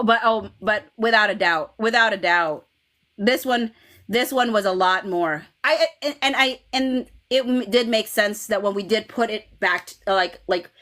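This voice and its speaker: A woman hosting a casual fan livestream, talking in an animated way with frequent laughs and restarts. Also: medium pitch, moderate pace. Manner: animated, laughs often, many restarts and okays. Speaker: livestream host.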